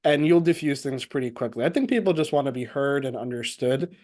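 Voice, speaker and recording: A man's voice: mid-range voice, animated, fairly quick, darkish tone. Man, guest, casual chat, easygoing, laughs a lot. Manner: easygoing, laughs a lot, talks in loose restarts.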